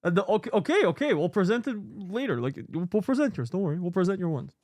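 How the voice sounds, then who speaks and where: A man's voice: sits high, sing-song, quick pace, a little mellow, no room sound. A man hosting a live stream, talking casually and in a scattered, muttering way while sorting files, swearing freely now and then. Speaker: streamer host.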